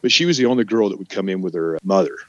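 A man's voice: deep voice, racing, dry recording, lo-fi sound. A man casually telling stories from his past jobs, acting out the voices of people he quotes. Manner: animated storyteller who acts out quoted voices. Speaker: guest telling his life story. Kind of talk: casual podcast conversation.

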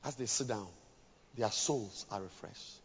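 A man preaching a sermon to pastors, dropping to hushed scripture reading and rising to shouted exhortation. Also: fairly low pitch, unhurried, a little hiss or hum. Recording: lo-fi with long hall reverb.

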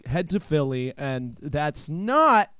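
A man's voice: fairly high pitch, sing-song, slow pace, bright, forceful tone, clear, resonant tone, dry recording. A man from eastern Pennsylvania hosting a casual chat show, telling stories in a rambling, profane way with lots of filler words. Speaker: podcast host.

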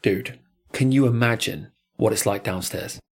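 A man's voice: lowish voice, measured pace, husky. A man co-hosting a surf podcast, talking animatedly in casual, jokey chat with some swearing. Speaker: podcast co-host.

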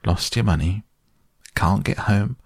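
Burly kind engine driver, rough country talk, low voice, as a man reads it, dry audiobook sound. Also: a little slow, no room sound, heavily acted. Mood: friendly. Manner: rough homely country speech. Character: burly kindly male working-class engine driver.

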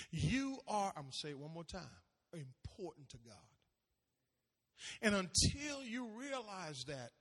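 Animated preacher in a ringing hall. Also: male voice, high voice, breathy edge. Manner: animated preaching with laughs and call-outs to the congregation. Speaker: pastor. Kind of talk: sermon.

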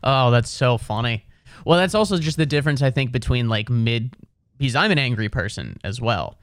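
Easygoing man with lively, smooth voice. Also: medium pitch, fairly quick, dry recording, clean studio sound. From American Midwest. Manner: easygoing, self-deprecating, agreeable. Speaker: comedian, podcast host. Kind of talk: casual chat.

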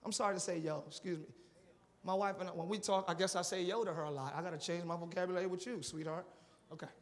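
A male pastor preaching a live sermon, animated and repetitive, asking the congregation for responses and dropping into casual slang. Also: sits high, fast talker. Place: church sanctuary. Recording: long reverb of a large church.

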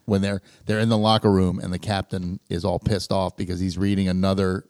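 Male host, New Orleans accent, lowish pitch, halting jokey delivery, dry close mic. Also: flat delivery, darkish tone, no room sound. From New Orleans, USA. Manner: self-deprecating, halting, jokey. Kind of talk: casual chat.

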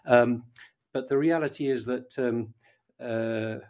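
A man's voice: medium pitch, steady tone, takes it slowly, a little mellow. An older man, a guest in an interview, talking at length with many fillers, restarts and a lost train of thought. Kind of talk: conversational interview.

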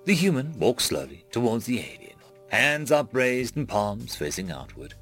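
A man narrates a story in a measured, expressive way. His voice is gravelly and rises and falls in lively pitch. Soft music plays underneath.

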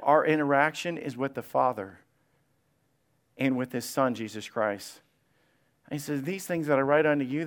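A male pastor preaching a sermon to his congregation, quoting scripture and rising into passionate retellings. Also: fairly high pitch.

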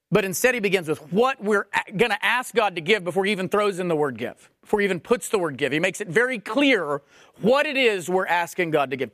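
A man's voice: high voice, fairly bright tone, no room sound, clean studio sound. A man preaching a sermon, emphatic and questioning, repeating phrases for stress. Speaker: pastor.

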